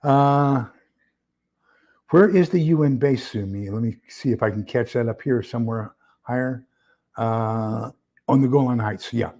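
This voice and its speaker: A man's voice: medium pitch, unhurried, pauses often, warm tone. A man hosting a casual live stream, rambling with many fillers as he reads a document aloud and fumbles with screen sharing. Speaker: livestream host.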